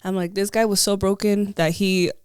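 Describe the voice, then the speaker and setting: A young woman co-hosting a podcast, telling a story in a chatty casual way, full of "like" and quick laughs. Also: mid-range voice, flat delivery, smooth, dry recording, clean studio sound. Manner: chatty, lots of likes, laughs as she tells a story. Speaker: podcast co-host.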